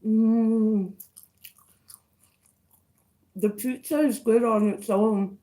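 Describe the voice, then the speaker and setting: A mukbang vlogger, a woman with a fairly high pitch, a steady and dark tone, eats on a livestream. Slow and chewing, she savors the food with murmurs and greets chat viewers by name between bites.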